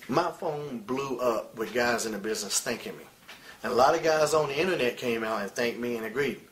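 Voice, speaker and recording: Man, 40s, ex-wrestler, heated and crude storyteller, average pitch, light hiss behind. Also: brisk, a bit bright. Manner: blunt, profane, heated storytelling. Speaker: retired pro wrestler as interview guest. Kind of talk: candid shoot interview.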